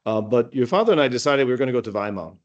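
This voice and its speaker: A man's voice: mid-range voice, expressive, very fast. Man telling stories on a muffled call. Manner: rambling, warm anecdotes with many restarts. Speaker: former student sharing memories. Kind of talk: casual storytelling.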